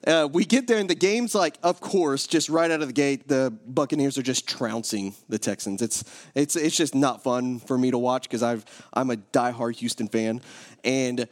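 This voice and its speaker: A man's voice: medium pitch, moderate pace. Joking man telling a story from the pulpit. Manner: joking, self-interrupting storyteller. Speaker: preacher. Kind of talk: sermon with prayer and personal story.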